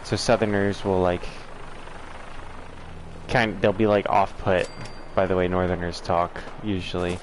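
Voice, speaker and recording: Rambling streamer, lowish voice. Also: male voice, level tone, unhurried, slight background noise. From southern United States. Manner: rambling, frank, many fillers and restarts. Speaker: livestream host. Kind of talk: casual chat answering viewers.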